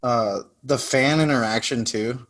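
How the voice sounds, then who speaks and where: A young man co-hosting a casual podcast, loose and jokey, peppering his talk with slang. His voice is bright and forceful, at an average pitch for a man. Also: a little slow. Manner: laid-back, joking, lots of "like" and "dude". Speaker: podcast co-host. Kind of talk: casual chat.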